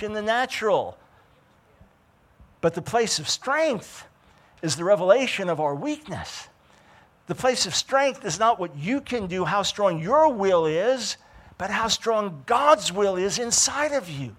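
An older man telling a personal story and preaching with animated emphasis. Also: sits high, measured pace. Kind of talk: testimony sermon.

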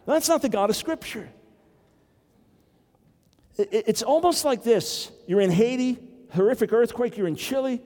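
A man's voice: extremely high pitch, expressive, moderate pace, long pauses, darkish tone, big-room sound. An older man, a grandfather, preaching a sermon earnestly with wry humor. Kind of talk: sermon teaching.

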